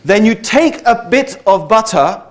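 A man's voice: high voice, expressive, measured pace. A British man giving a conversational public lecture to an audience, often checking in with the listeners. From Britain. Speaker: speaker giving a talk to an audience.

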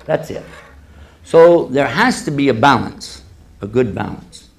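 Animated storytelling man giving a talk. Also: medium pitch, measured pace, creaky. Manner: animated storyteller who acts out quoted voices with humor. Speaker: Islamic speaker answering audience questions.

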